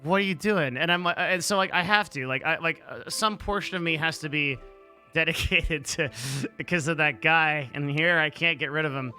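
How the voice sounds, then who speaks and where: A man with a very bright, sharp-edged voice sitting a little high in pitch. He rambles bluntly through chat questions on a live stream, swearing freely and stumbling over restarts, with faint music behind him. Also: normal speed. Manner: blunt, profane, rambling with many fillers. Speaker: livestreamer answering chat.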